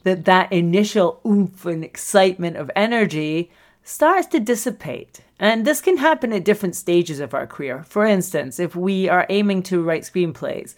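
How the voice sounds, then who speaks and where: Animated woman hosting a solo podcast. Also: fairly low pitch, moderate pace. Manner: animated, acts out quoted voices, laughs often. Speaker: podcast host and screenwriting coach.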